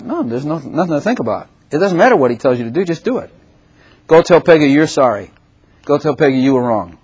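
Husky older preacher, animated exhortation. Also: male voice, fairly high pitch, brisk. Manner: animated, exhorting, often acting out quoted prayers. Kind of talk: sermon.

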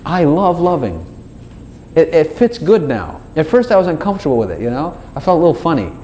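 A man's voice: a little high, fairly quick, slight background noise. A man preaching a casual, conversational sermon, acting out his own prayers and God's replies in shifting voices. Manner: animated, acts out dialogues with God in shifting voices. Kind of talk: informal sermon.

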